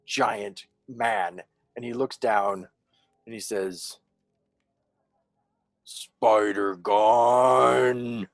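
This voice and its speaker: Halting man narrating as game master. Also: fairly low pitch, fairly bright tone, dry recording. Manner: halting, searching for words.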